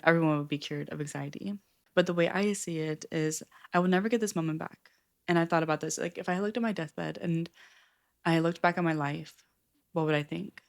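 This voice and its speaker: A young woman with a low voice reflects candidly in a personal vlog. She speaks earnestly and openly and often uses "like" as a filler. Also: creaky. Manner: earnest, open, with frequent "like" fillers. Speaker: self-help book vlogger.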